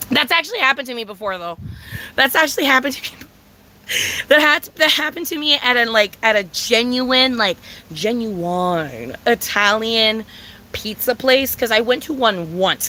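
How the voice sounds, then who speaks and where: A woman's voice: on the high side, pushed and bright, low-quality recording. A young woman vlogger telling a rant in a casual storytime style, profane and exasperated, full of "like" and "bro". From San Diego, California.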